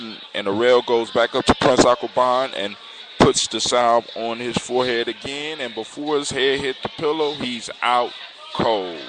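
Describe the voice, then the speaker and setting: A man telling a fairy tale in a relaxed, conversational way, with loose restarts. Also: mid-range voice. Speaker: storyteller. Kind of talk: casual oral storytelling. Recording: noisy recording with clicks.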